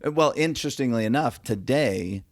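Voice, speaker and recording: A man's voice: mid-range voice, expressive, normal speed, no echo, studio quality. A man talking as a guest photographer in a casual podcast conversation, emphatic and acting out the reactions he quotes.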